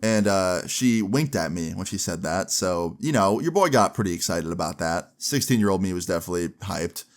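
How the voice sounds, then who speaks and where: A man's voice: low voice, normal speed. Young man telling a story casually. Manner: casual, slangy, lively storytelling. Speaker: vlogger. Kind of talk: storytime vlog.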